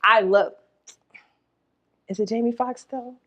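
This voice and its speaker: A woman's voice: on the high side, unhurried, dull audio. A woman from Georgia, a guest in casual chat, who laughs often and tells stories with lots of energy. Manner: laughs often, animated storytelling.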